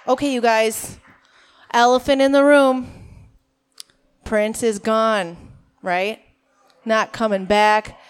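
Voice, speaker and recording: A woman's voice: on the high side, fairly even intonation, takes it slowly, pauses often, clean tone. A stand-up comedian from Minnesota, a woman, nervous on stage and chatting to the crowd in a self-mocking way. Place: on stage at a live show.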